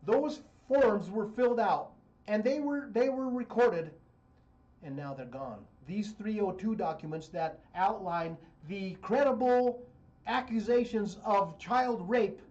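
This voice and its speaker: A man's voice: high voice, expressive, measured pace, a little mellow, muffled recording. A man talking politics on a radio show, blunt, heated and mocking.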